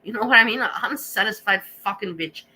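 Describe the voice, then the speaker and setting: A woman's voice: mid-range voice, fairly quick, sharp tone, breathy edge, low-quality recording. A woman streamer talking to her viewers in an emotional, rambling monologue, with frequent swearing and restarts.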